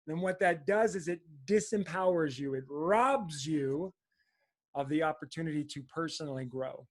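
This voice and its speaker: An enthusiastic male coach speaks straight to his viewers, pushing them to grow. His voice sits high for a man, and he keeps tossing in "right?" as he builds up steam. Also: moderate pace. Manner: energetic, fired up, frequent "right?". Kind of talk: motivational talk to camera.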